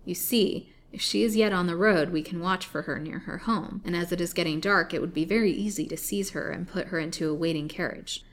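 A woman reading a storybook aloud, voicing a cautious, calculating villain doctor who lays out his plan in measured words. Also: lowish voice, lightly acted.

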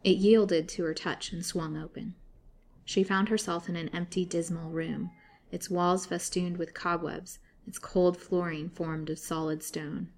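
A woman reading a gothic novel aloud as storyteller, in a measured, dramatic way. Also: fairly low pitch, darkish tone.

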